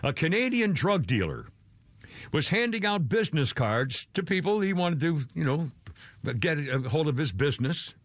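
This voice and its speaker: Lively, rambling male radio host. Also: dry recording, studio quality. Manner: rambling, chuckling, wide swings of pitch. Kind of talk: casual talk radio banter.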